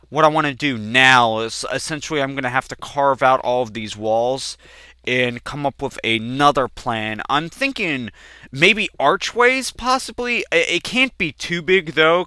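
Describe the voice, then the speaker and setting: Bright-voiced young man telling a story. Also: medium pitch, clear, resonant tone, no echo, clean studio sound. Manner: rambling storyteller, swears casually, jumps to loud outbursts. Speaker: gaming channel host. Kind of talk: casual let's play commentary.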